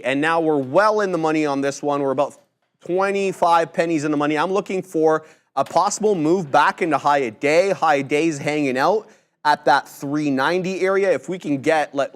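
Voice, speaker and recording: Man calmly walking through stock charts. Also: fairly high pitch. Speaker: co-host of a live trading show. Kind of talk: live market commentary.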